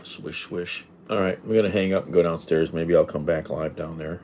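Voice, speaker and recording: A man livestreams from home, rambling casually and bluntly responding to viewer comments in chat. His low, darkish voice holds a steady tone at a moderate pace, with slight background noise.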